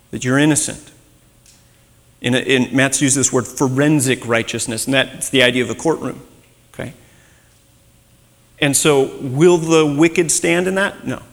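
Guy preaching, chatty, gravelly voice, hall reverb hanging on it. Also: a little high, a bit bright. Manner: conversational, acts out quoted voices. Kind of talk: sermon. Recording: long reverb.

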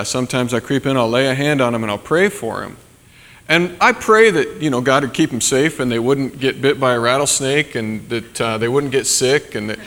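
A pastor preaches a sermon in a loose, conversational way, full of fillers and asides like "right?". His voice is medium-pitched and fairly bright, and a large hall adds long reverb.

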